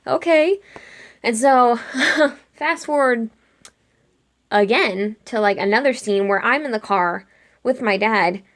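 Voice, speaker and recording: A young woman chatting casually while she sketches, retelling a dream in an animated way and acting out her own lines with lots of "like". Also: fairly high pitch, slow pace. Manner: chatty, animated quoting of herself with frequent "like". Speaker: art vlogger.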